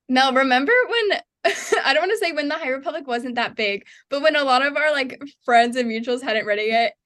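A young woman in expressive, emotional casual chat with friends. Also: sits high, normal speed.

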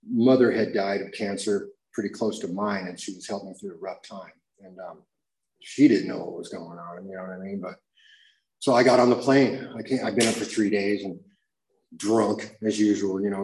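At a recovery meeting, a middle-aged American man shares his story in a rambling, animated way, peppering it with "you know what I mean" and "dude." His voice climbs high when he acts out shouting, and the room is echoey.

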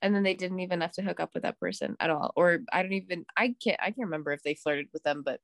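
A woman's voice: fairly low pitch, fast, dry recording. A young woman co-hosting a podcast, telling stories casually, acting out what people said and swearing. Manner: animated storyteller, acts out quotes, swears. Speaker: podcast co-host.

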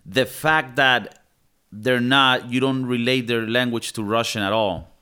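A man's voice: medium pitch, fairly even intonation, unhurried, bright, forceful tone, clear, resonant tone. A man co-hosting a casual movie review podcast, swearing often and restarting his sentences. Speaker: podcast co-host.

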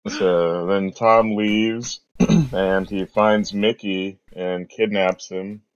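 Slow low-voiced man recapping a plot. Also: little pitch movement, smooth, muffled recording. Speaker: podcast co-host. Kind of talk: casual movie recap.

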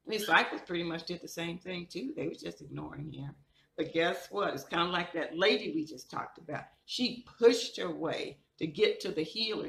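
Low-voiced woman preaching in an echoey room. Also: creaky, a bit bright. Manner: emphatic, repetitive, colloquial storytelling. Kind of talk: sermon.

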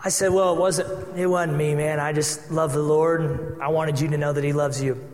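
A man preaching a sermon as pastor, telling a personal story with lively acted-out dialogue. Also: a little high, normal speed. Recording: echoey hall with long reverb.

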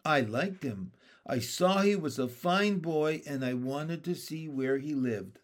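A man's voice: fairly high pitch, a little slow, close to an everyday voice. A man reading as a kindly, amused doctor. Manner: amused, friendly.

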